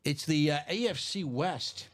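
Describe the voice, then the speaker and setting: A man with a Chicago accent hosting a live sports card break, chatty and animated, laughing often. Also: on the high side, a little slow. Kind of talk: casual live-stream chat.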